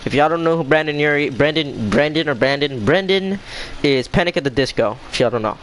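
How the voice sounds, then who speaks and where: Young man, high voice, furious swearing rant, faint hiss behind. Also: fairly quick, a bit bright, poor audio. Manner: heated, swearing, repetitive. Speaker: vlogger. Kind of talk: angry rant to camera.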